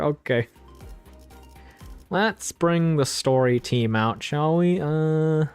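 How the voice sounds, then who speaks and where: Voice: mid-range voice, lively intonation, slow pace, long pauses. A streamer chatting casually while playing a story game, thinking aloud and laughing between lines. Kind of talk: casual let's-play commentary. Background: faint game music.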